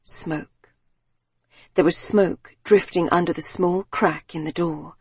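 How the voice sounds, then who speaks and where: A woman reading an audiobook thriller in a measured, tense storytelling manner on a close studio mic. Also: lowish voice, fairly even intonation, darkish tone, slightly rough, no echo. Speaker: audiobook narrator. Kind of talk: scripted audiobook narration.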